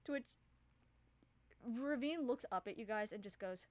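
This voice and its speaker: A woman's voice: on the high side, animated, moderate pace, no room sound. A woman narrating as game master in a tabletop game, casual and rambling, swearing freely.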